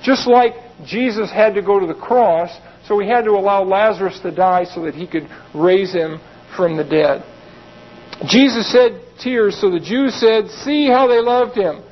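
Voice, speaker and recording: A man with a very high voice preaching a sermon. He reads Bible verses and breaks into plain, chatty explanations. The recording sounds dull and lo-fi. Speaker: pastor.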